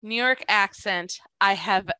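A woman co-hosting a podcast, recapping a movie in casual chat at an unhurried pace. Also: mid-range voice, bright, forceful tone, clean tone, dry recording. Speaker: podcast co-host.

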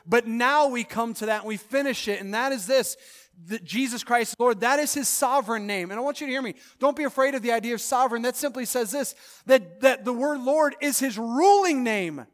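A man preaching a sermon as pastor. He swings from loud, drawn-out proclamations to hushed, quiet lines, with bursts of rapid exhortation. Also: very high-pitched.

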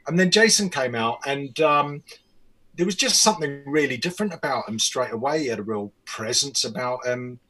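A man from New Zealand with a New Zealand accent, telling a story in a relaxed, rambling way in an interview. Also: medium pitch, moderate pace, breathy edge, low-quality recording. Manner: relaxed, rambling with many restarts. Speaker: music producer guest.

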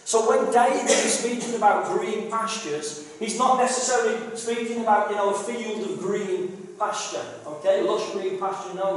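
Echoing, high-voiced preacher heard from afar. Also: male voice. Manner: earnest, emphatic preaching with dramatic slow readings. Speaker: pastor. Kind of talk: sermon. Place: church hall. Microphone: live recording from a distance. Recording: echoey church hall, distant mic.

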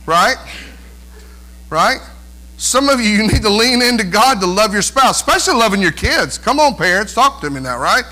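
Man, bright forceful tone, preaching, calls for amens, acts out complainers. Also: high voice, normal speed. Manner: animated preaching, mimics whiny voices, calls for amens. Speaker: pastor. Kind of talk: sermon.

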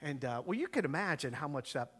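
Male pastor, sermon story, high voice, animated, acts out dialogue, church. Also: quick pace. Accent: Ohio. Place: church sanctuary.

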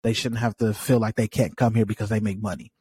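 In a lowish, warm voice with a breathy edge, this Californian podcast co-host talks quickly but with a steady tone. The casual conversation has a frustrated feel, punctuated by frequent laughter.

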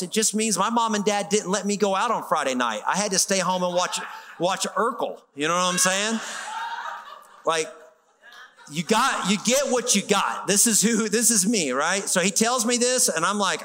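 A middle-aged man preaching to a congregation with a bright, forceful, slightly high voice. He tells a story in a loose, conversational way and acts out the people in it. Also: animated, normal speed, big-room sound. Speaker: pastor. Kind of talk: sermon storytelling.

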